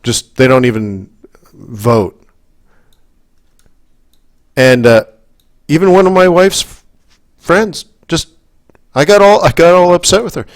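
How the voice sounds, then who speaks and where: A man's voice: a little high, animated, slow pace, long pauses. A man from Canada coaching forex traders in live market commentary, rambling through asides, checking in with the audience and getting worked up and emphatic.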